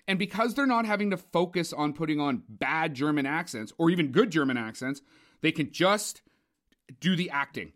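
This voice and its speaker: A young male podcast co-host reviews a movie in a casual, opinionated, profane way, full of rambling asides. His voice is fairly high and fairly bright, animated, at a normal speed.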